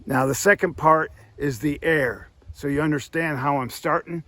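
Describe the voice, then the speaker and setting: A man's voice: a little high, normal speed, pushed and bright, no echo, rough recording. A man teaching duck calling in a plainspoken instructional manner, often repeating himself as he explains. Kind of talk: instructional demonstration.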